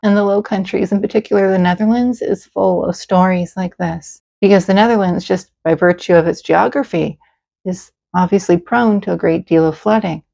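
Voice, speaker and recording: A woman's voice: on the low side, fairly even intonation, normal speed, creaky, mellow. A woman narrating a history legend with earnest, dramatic storytelling. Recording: slightly dull, faint music.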